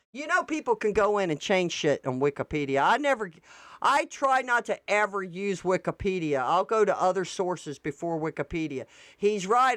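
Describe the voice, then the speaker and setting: A woman's voice: medium pitch, a bit bright, no room sound. A woman, doing casual political commentary and reacting to posts on screen in a blunt, profane way.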